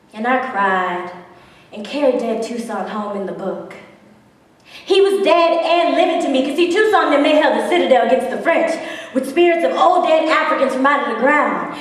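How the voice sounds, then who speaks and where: An actress performing a theatrical monologue as a spirited woman recalling her defiant girlhood, swinging between hushed and bold. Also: fairly high pitch, close to an everyday voice. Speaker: stage actress. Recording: echoey hall, far from the mic.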